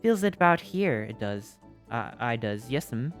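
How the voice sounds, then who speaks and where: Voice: medium pitch, very animated, takes it slowly, faint music behind. A streamer voicing an ancient, whimsical forest being who rambles in quaint, broken, archaic phrases and calls the listener "my love.".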